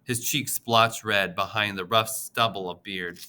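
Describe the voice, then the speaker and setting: A man narrating an audiobook in the first person, with an expressive, emotional reading. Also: lowish voice, a little slow, hardly any pauses, clear, resonant tone.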